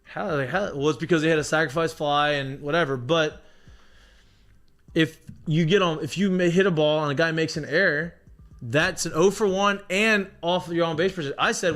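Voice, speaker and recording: A man with a fairly high voice, talking in a relaxed podcast chat. He tells stories animatedly, leans heavily on "like" and swears freely as he vents about baseball. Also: normal speed. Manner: animated storytelling with heavy profanity and filler "like". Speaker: podcast guest, former baseball player. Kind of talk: casual chat.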